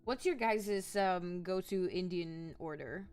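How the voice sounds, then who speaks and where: A woman's voice: fairly low pitch, slow pace, a little mellow, clear, resonant tone, faint music behind. A woman streamer chatting casually and rambling as she reads chat messages aloud.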